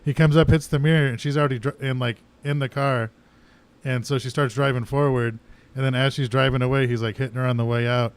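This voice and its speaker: A man's voice: medium pitch, fairly even intonation, clean tone. A man co-hosting a radio show, telling stories casually and laughing along. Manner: quick storytelling, laughs along. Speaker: co-host. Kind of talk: casual chat.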